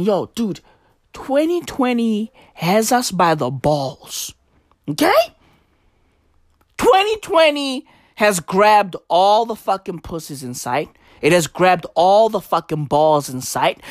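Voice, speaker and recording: A young woman doing a comedic rant, loud and manic, swearing a lot and swinging between shouts and mutters. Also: mid-range voice, no room sound, studio quality. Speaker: comedic vlogger.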